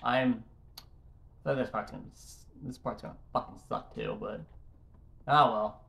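A man's voice: mid-range voice, steady tone, a little slow, vocal fry, fairly bright tone. A young man commentating his own gameplay, frustrated and swearing at the game as he keeps failing jumps. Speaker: gaming YouTuber. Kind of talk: let's play commentary.

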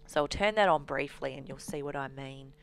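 Low-voiced woman demonstrating software. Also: brisk, creaky. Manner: steady explanatory pace with frequent ums. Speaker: software trainer.

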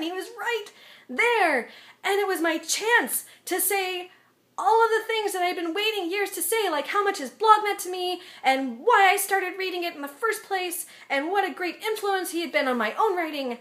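A young woman talks straight to her viewers in a very high, light voice. She tells an awkward story with lively, self-mocking energy and acts out every line of dialogue in it. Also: moderate pace. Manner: animated, self-deprecating, acts out quotes. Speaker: vlogger. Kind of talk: casual storytelling vlog.

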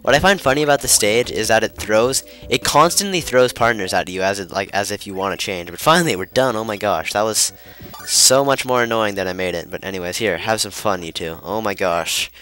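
A man's voice: fairly low pitch, expressive, brisk, fairly bright tone, faint music behind. A young man giving rambling, flustered commentary while playing a video game, full of fillers and restarts. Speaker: let's player. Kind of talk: gameplay commentary.

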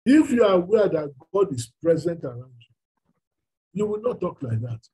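Husky, high-voiced Nigerian preacher. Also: male voice, very animated, normal speed, mellow, poor audio. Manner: emphatic, asking the listeners rhetorical questions. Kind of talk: sermon.

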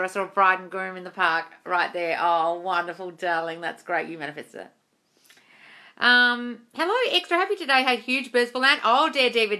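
A bright-toned woman answers viewer comments on a live stream from her home. She is chatty and blunt, calls everyone darling and swears casually. Her voice is crisp and forward, heard through a phone or webcam mic. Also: mid-range voice. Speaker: manifestation coach. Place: home room.

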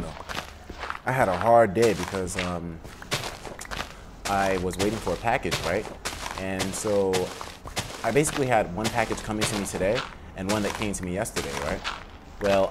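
Rambling, profane gaming commentator, low voice. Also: male voice, moderate pace, heavy background noise. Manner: rambling, profane, bursts into high laughter. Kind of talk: casual let's-play commentary. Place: room at home with windows open.

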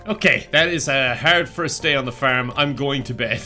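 A man's voice: medium pitch, measured pace, hardly any pauses, bright, forceful tone. A young Irish man giving let's play commentary in a sardonic, self-mocking way, laughing often. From Ireland. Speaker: gaming YouTuber. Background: faint game music.

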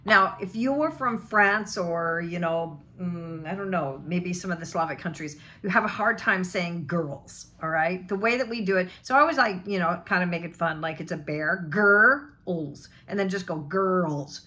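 An accent coach from the western United States, a woman with a General American accent, runs a pronunciation lesson, drilling sounds slowly and deliberately. Her voice sits on the low side, with a bright, forceful tone.

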